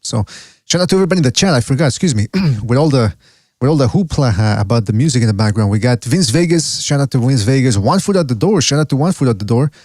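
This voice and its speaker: A man's voice: mid-range voice, expressive, fast, a little mellow, no echo, clean studio sound. Rambling, profane man hosting a podcast. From Canada. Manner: rambling, self-interrupting, profane. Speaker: podcast host. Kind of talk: casual live-stream chat.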